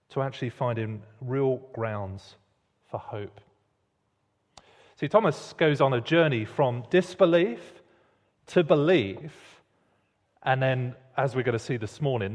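A man preaching a sermon in a church hall, expressive and pausing for emphasis. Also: medium pitch. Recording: long reverb of a large hall.

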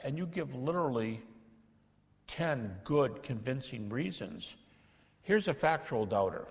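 Animated man lecturing in an echoing hall. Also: mid-range voice, moderate pace. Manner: animated, acts out dialogues with doubters. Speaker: speaker teaching apologetics. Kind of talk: lecture to an audience.

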